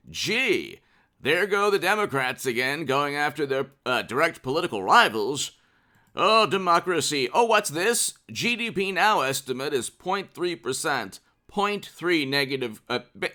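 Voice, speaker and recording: Sarcastic man with a bright voice. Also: mid-range voice. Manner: sarcastic, mocking, with restarts. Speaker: political commentary channel host. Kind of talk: casual commentary reading headlines.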